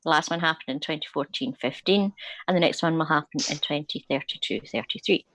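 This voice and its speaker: A woman's voice: sits low, brisk, fairly bright tone, no echo. Woman reading aloud in a dry room. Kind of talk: reading an article aloud in a chat.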